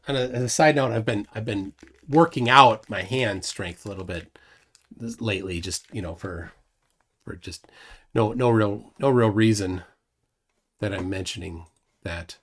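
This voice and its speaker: A man's voice: lowish voice, fairly bright tone. A middle-aged man hosting a casual live stream, joking and rambling with self-deprecating asides.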